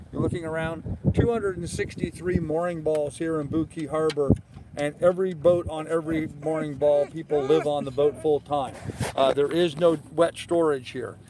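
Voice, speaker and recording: A man's voice: a little high, background noise. An older man hosting a live sailing stream from his moored boat, reading viewer comments aloud and answering them in an easygoing, rambling way with many fillers. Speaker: sailing vlog host. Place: aboard a moored sailboat in a harbor, outdoors at evening.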